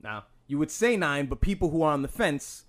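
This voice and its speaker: A man's voice: fairly high pitch, expressive, fairly quick. A young man on a podcast, chatting casually, explaining things with acted-out quotes, stumbling restarts and swearing. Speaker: podcast host. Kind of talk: casual chat.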